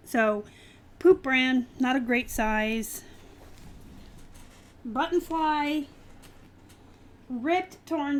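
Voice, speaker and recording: A woman reselling clothes, chatting casually to her live-stream viewers with lots of ums and bursts of excitement. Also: a little high, a little hiss or hum. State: dry throat, clearing it.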